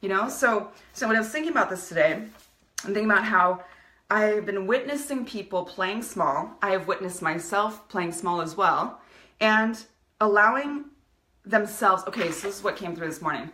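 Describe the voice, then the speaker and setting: A woman's voice: mid-range voice, expressive, normal speed, sharp tone, echoey room. A woman giving a passionate motivational talk on a live video stream, speaking as a coach to her viewers. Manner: passionate, fired-up motivational delivery. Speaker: business coach.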